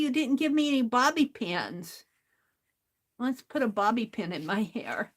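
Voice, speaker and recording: Slow-talking chatty woman crafter. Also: on the high side, big pitch swings. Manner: chatty, talks to herself while working, laughs often. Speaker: craft livestream host. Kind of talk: casual craft vlog, opening mail on camera.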